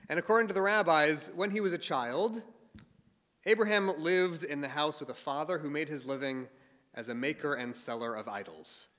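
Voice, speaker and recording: A man speaking at an interfaith symposium, telling a religious story in a dramatic, animated way. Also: on the high side, moderate pace, big-room sound. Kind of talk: storytelling speech.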